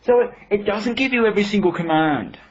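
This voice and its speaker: Reviewer walking through software. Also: medium pitch, animated. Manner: explanatory, halting restarts. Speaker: product reviewer. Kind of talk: casual demonstration. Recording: dull home recording, faint hiss.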